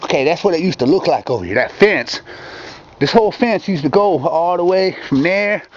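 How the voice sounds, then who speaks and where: A Michigan man's casual outdoor vlog, filmed on a handheld camera at dusk by a yard fence and campfire, finds him rambling and ranting. His slightly high voice is expressive and moves at a moderate pace, recorded as dull lo-fi camcorder sound with faint outdoor ambience.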